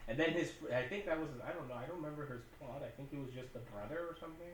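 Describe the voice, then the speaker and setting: A man's voice: on the high side, racing, slight background noise. Profane, rambling man in an echoey room. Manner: profane, rambling retelling with acted-out quotes. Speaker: podcast co-host. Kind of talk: casual movie recap chat. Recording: echoey room, mic at a distance.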